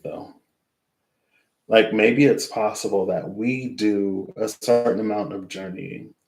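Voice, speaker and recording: A low-voiced man wraps up a tarot reading in a loose, musing way, drifting between thoughts and trailing off into asides. His voice sits a little deep and rings around a roomy, echoey space. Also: a little mellow. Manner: rambling and reflective, trailing off into asides. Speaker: tarot reader. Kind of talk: casual spoken tarot reading wrap-up.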